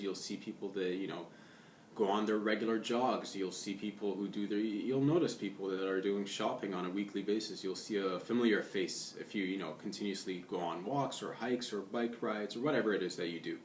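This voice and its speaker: A man's voice: lowish voice, normal speed, a little mellow, a little hiss or hum. A young man talking in a casual, rambling monologue, laid-back and loose, tossing in "man" and "dude". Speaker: vlogger. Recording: roomy echo, distant from the mic.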